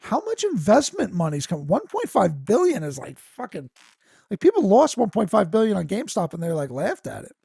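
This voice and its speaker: Male podcast host, gravelly edge, dry close sound, squeaky and sweary when riled up, reads articles then rants. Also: brisk, dry recording. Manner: profane, excitable, reads articles aloud with side comments. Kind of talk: casual news-reading podcast rant.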